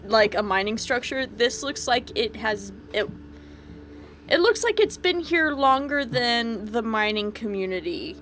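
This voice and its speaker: A woman's voice: on the high side, a bit bright, slight background noise. A woman playing a tabletop game, chatty, with many fillers and restarts. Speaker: player. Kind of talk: casual tabletop play.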